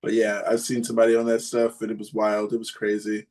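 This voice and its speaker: A man's voice: lowish voice, monotone, fast talker, darkish tone. A man in a podcast chat, telling a story in a rambling way with many ums and restarts. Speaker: podcast guest or co-host.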